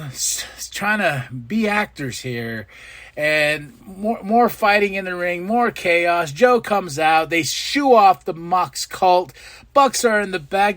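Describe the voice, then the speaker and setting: A man's voice: a little high, lively intonation, a little slow, a bit bright, dry recording, clean studio sound. A man hosting a podcast, casually recapping wrestling shows, laughing often and acting out quotes. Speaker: podcast host.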